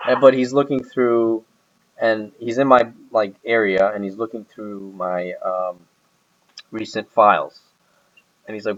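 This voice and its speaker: Speaking at a measured pace with fairly even intonation, a man with a lowish voice describes his boss in a relaxed recorded chat. His talk wanders, full of hesitations and restarts, and the high frequencies are cut off.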